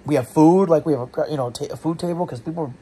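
Frustrated, a vlogger tells the camera about his day in loose, rambling fashion, with many restarts, fillers, and bits of self-questioning. He talks fast, his slightly high voice husky and mellow, and congested from allergies.

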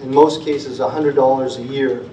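A man's voice: mid-range voice, fairly even intonation, normal speed, warm tone, a little hiss or hum. A man giving a heartfelt prepared presentation to a town meeting, repeating rallying phrases. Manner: earnest, repetitive rallying phrases. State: choked up with emotion at times. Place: school auditorium. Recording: roomy, distant, dull auditorium recording.

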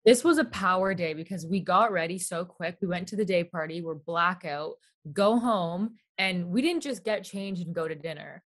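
Brief: young woman podcast guest, lower-pitched, animated chatty delivery. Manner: quick animated recounting, filler "like". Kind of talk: casual chat.

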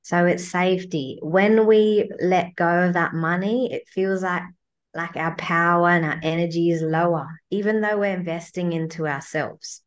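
A woman's voice: fairly low pitch, steady tone, normal speed. A woman, a guest coach, talking bluntly and swearing freely as she acts out her inner voice in a casual chat.

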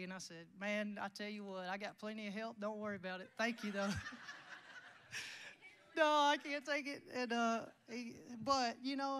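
Casting: young male preacher, high voice, smooth and clear, folksy storyteller who rambles. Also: a bit bright. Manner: folksy, rambling with restarts and quoted dialogue. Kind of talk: storytelling sermon.

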